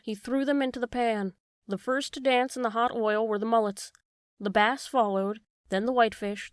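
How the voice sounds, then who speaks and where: A woman narrating a classic children's storybook with a steady, expressive delivery. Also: a little high, no room sound, clean studio sound. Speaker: audiobook narrator. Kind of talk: storybook reading.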